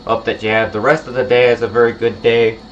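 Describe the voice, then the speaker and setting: A man streaming a game, chatting casually and drifting into low mumbled asides. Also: little pitch movement, quick pace. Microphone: home streaming microphone. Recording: muffled lo-fi stream mic with faint hiss.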